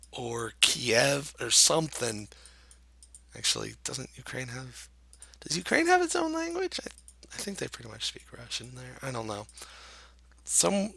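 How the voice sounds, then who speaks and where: A man casually commenting while playing a geography guessing game, thinking out loud with many hesitations and self-deprecating remarks. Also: medium pitch, gravelly, no echo. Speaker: gameplay commentator. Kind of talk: casual let's-play commentary.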